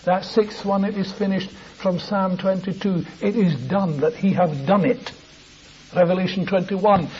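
Older pastor preaching, earnest, goes soft then loud, muffled old tape. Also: male voice, high-pitched, steady tone, a little slow. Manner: tender, earnest, repeats phrases, swings between soft and raised. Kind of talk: sermon. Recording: muffled lo-fi sermon recording with faint hiss.

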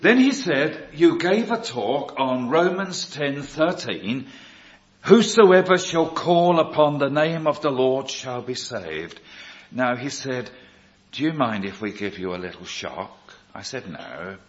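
A man's voice: mid-range voice, lively intonation. A male preacher telling a conversion story in a sermon, quoting the people in it as he goes. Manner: slow storytelling, quoting others in dialogue. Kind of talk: sermon testimony. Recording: dull lo-fi recording.

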